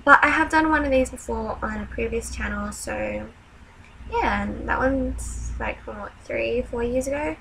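A woman's voice: a little high, normal speed, gravelly, background noise. A young Australian woman from Sydney vlogging casually, self-mocking and chatty as she reads a word list aloud. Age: young adult. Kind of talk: casual vlog chat.

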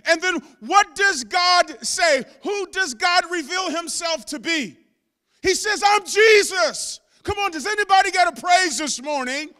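A man pastor preaching a sermon with impassioned delivery that climbs into shouts. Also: very high voice, animated, unhurried, hardly any pauses. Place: church sanctuary.

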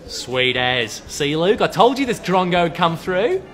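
A man's voice: high voice, sing-song, measured pace, fairly bright tone, heavily acted. A man playing a laid-back older mentor with a broad Australian accent, easygoing and slangy. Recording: music behind the voice.

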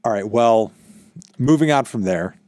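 A man's voice: on the low side, lively intonation, unhurried, darkish tone, dry recording. Give me a man hosting a casual chat, exasperated and emphatic, with a dry close mic. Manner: exasperated, emphatic, swears a lot. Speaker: host.

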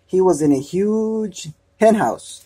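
A man gently reading a children's storybook aloud, unhurried. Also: high-pitched, lively intonation, slightly rough.

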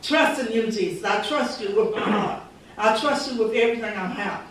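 Bright-voiced woman preaching in an echoey church. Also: a little high, brisk, slight background noise. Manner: fervent, repetitive preaching with rhetorical quotes. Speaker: pastor. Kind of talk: sermon. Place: church sanctuary. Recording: echoey church recording from far off.

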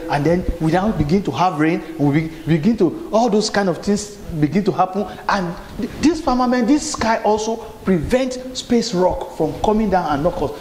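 Male pastor, high voice, repetitive call-and-response preaching, roomy church reverb. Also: a little mellow. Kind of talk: sermon. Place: church hall. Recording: echoey hall with faint room noise.

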